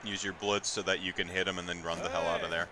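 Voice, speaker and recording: A man's voice: low-pitched, level tone, quick pace, a crowd in the background. A man co-commentating a tabletop game stream casually, teasing and always urging bold, aggressive plays. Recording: noisy background.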